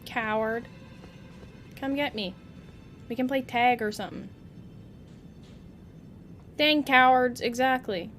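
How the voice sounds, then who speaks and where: A woman's voice: on the high side, slow, pauses often, a bit bright, soft background music. A young woman streaming a game, chatting playfully with her viewers and teasing the character on screen. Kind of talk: live gameplay commentary.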